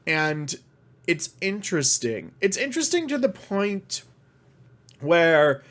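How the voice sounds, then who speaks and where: Man, casual vlogger, heated exasperated rant, curses a lot, slightly high voice. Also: big pitch swings, fairly bright tone. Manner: exasperated ranting with frequent swearing; halting restarts when worked up. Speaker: vlogger reviewing media. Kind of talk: casual spoken review.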